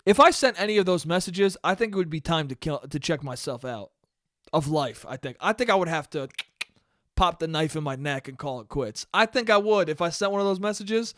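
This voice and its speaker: A man's voice: fairly high pitch, lively intonation, a little fast, a bit bright, no echo, studio quality. A man hosting a solo podcast, telling stories in a profane, exasperated, mocking rant. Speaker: podcast host. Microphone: podcast microphone.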